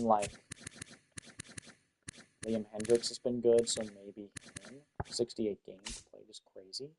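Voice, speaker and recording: A man's voice: mid-range voice, darkish tone, slight background noise, rough recording. A young man thinking aloud in casual, blunt commentary while playing a baseball game. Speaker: gaming channel host.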